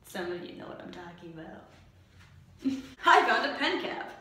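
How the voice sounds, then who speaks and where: A woman's voice: mid-range voice, sing-song, normal speed, bright, forceful tone. A young woman vlogging in casual chat to the camera, joking about herself and laughing often. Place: empty glass-doored breezeway indoors. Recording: very echoey bare room.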